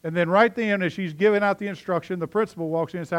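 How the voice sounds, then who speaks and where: A male pastor preaches a sermon in a high voice, telling a story at a quick pace with few pauses. He swings lively between loud, animated passages and quiet, earnest asides.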